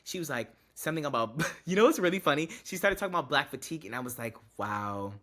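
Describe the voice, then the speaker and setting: A man's voice: fairly high pitch, expressive, rapid-fire, fairly bright tone. A man co-hosting a podcast, chatting casually and animatedly, venting and swearing freely. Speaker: podcast co-host. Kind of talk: casual chat.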